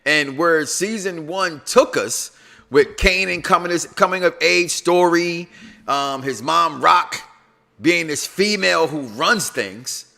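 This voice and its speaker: A middle-aged man co-hosting a TV review show in casual chat, playful and teasing, swinging from mumbles to shouts. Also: on the high side, animated, takes it slowly, gravelly.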